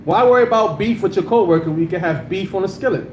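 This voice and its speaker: On a club stage with a handheld mic, a man performs a casual, crude, laid-back stand-up set before a live audience, using lots of filler. His voice is high and fast, and the audio is dull, roomy club sound with faint noise.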